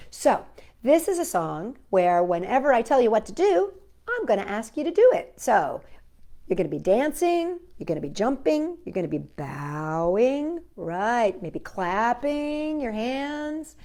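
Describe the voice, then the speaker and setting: A woman reading a picture book aloud to young children, gentle and animated, and she adds sound effects as she goes. Her voice is high and swoops up and down a lot. She takes her time over every line. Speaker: children's storyteller.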